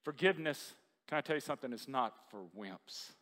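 A pastor preaches to a congregation in a church hall, his medium-pitched voice fairly quick and a bit bright, with a big-room sound. He keeps it chatty and conversational, asking the room plenty of questions.

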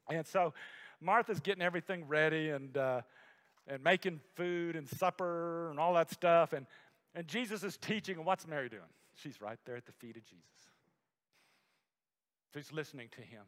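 A man preaches with a voice that sits a little high for a man, his words trailing into a long hall reverb. He swings from loud, stretched-out emphasis down to a hushed near-whisper, slowing right down on the words that matter most. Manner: slows to stress key words. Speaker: pastor. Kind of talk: sermon.

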